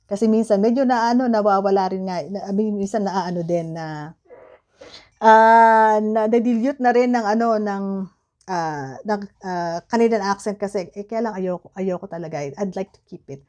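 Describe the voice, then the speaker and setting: A woman's voice: medium pitch, normal speed, darkish tone. A middle-aged woman from the Philippines with a Filipino accent, chatting candidly to her viewers and often trailing off as she searches for words. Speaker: vlogger. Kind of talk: casual chat.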